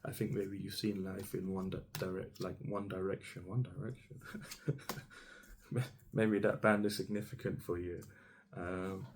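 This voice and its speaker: Deep, flat-voiced man giving a tarot reading. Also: normal speed, slight background noise. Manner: meandering, hesitant, with frequent ums and restarts; speaks directly to the listener as "you". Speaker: tarot reader. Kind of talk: intuitive tarot reading to viewers.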